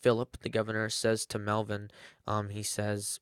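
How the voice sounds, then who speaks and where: A man's voice: fairly low pitch, completely flat delivery, normal speed, smooth, no room sound, studio quality. A man giving a rambling, casual episode recap, full of fillers and self-corrections. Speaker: TV episode reviewer.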